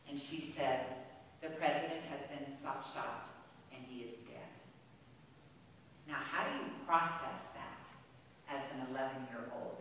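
Woman in her 60s, speaker at a spiritual center, low voice, chatty storytelling, heard from far off. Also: fairly bright tone, a little hiss or hum. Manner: chatty, exclamatory, personal storytelling with frequent ums. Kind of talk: conversational spiritual talk. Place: large hall of a spiritual center. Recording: echoey hall, voice from far off.

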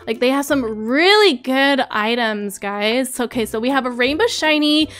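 A young woman doing gameplay commentary as a YouTuber, excitable and gushing, often apologetic. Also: sits high, moderate pace. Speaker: gaming YouTuber.

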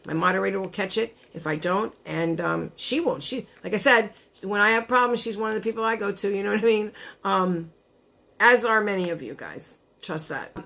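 Woman, vlogger, casual gushing chat, choked up, mid-pitched voice. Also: moderate pace, creaky, a bit bright. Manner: gushing, emotional, chatty with lots of "like" and "you know". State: choked up, near tears.

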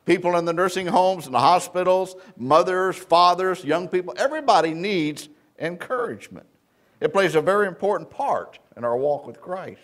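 A male pastor with a Southern Indiana accent delivers a sermon in a church, stringing together homespun stories. He asks the congregation questions and answers them himself. His voice sits a touch above the usual male pitch. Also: animated, normal speed, fairly bright tone. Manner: folksy storytelling preacher, call and response.

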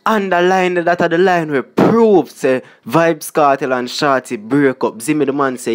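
A man's voice: medium pitch, brisk, few pauses. Jamaican man in chatty vlog commentary. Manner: chatty, repeats "you see me" constantly. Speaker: vlogger. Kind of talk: casual commentary on song lyrics.

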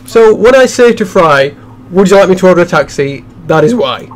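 This young man hosts a game playthrough, his voice high-pitched, animated and fairly quick. In casual chat, he tells a rambling story that keeps restarting.

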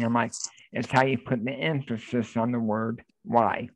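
A man's voice: mid-range voice, flat delivery, normal speed, rough recording. A man in a video-call study group telling a story and quoting a past conversation. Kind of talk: sharing a story in group discussion.

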